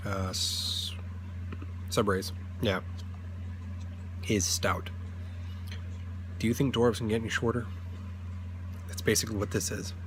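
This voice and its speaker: Young guy with a deep voice riffing about game rules, loose and rambly, faint hum behind. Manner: rambling, with fillers and self-corrections. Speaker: D&D channel host. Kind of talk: casual rambling commentary.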